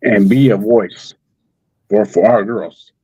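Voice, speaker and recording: A man talking in an emotional conversation, halting and repeating words as he speaks through tears. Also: lowish voice, dark tone, husky, no echo, poor audio. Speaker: guest, father of a missing daughter.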